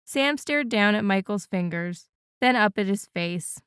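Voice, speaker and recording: A woman narrating an audiobook in an even, measured reading style. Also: medium pitch, clean tone, no room sound, studio quality. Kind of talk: scripted narration.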